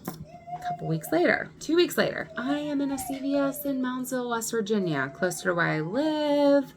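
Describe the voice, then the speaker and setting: A woman vlogger telling a personal story in an animated, indignant way. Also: high voice, moderate pace, slight background noise. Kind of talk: storytime vlog.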